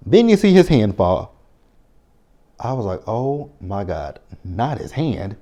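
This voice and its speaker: A man giving a casual, animated spoken recap of a TV episode, swearing freely and acting out his own reactions. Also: fairly low pitch. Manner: animated, profane storytelling with quoted reactions. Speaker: TV recap reviewer.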